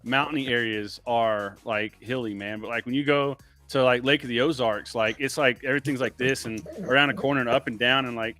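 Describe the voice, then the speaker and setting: A man's voice: medium pitch, steady tone, a little fast, hardly any pauses, sharp tone, soft background music. A man talking as a guest on a casual livestream, laid-back and rambling, filling his talk with "like" and "man.". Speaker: guest, window tinter.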